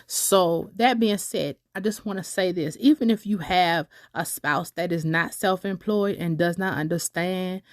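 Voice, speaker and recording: A woman's voice: on the low side, measured pace, hardly any pauses, dry recording, clean studio sound. A woman hosting her own podcast in a chatty, digressive way, often correcting herself mid-sentence. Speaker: podcast host. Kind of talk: casual podcast monologue.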